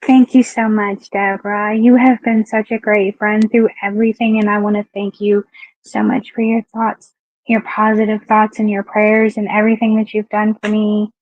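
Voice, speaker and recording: A woman's voice: medium pitch, flat delivery, normal speed, a little mellow, no room sound. Southern woman livestream host, frank, chatty, muffled dry home audio. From Southeastern Kentucky. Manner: chatty, frank, greets viewers by name. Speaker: livestream talk show host. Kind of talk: casual live-stream chat.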